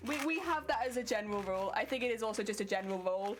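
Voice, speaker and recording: A woman's voice: fairly high pitch, animated, rapid-fire, background noise. A young woman from Wales chatting casually on a livestream while ironing fabric, reading chat aloud and laughing often. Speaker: craft streamer.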